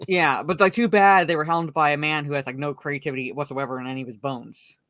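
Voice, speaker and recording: Chatting about a movie on her relaxed livestream, this host greets people and reads out chat messages, using lots of fillers. She speaks quickly with a low, fairly bright voice and fairly even intonation; the studio sound has no room noise.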